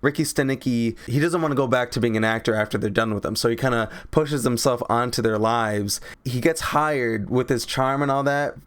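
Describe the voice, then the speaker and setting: A young man reviewing a comedy film in a loose, rambling way, heavy on fillers and swearing. His voice sits at an ordinary middle pitch for a man. The tone is offhand and conversational. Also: a little fast, few pauses, a bit bright, smooth. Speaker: movie reviewer. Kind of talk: casual movie review.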